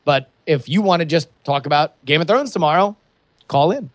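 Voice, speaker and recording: A young adult man co-hosting a podcast, chatting casually and excitedly with many restarts. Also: on the high side, moderate pace, dry recording. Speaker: podcast co-host. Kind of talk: casual chat.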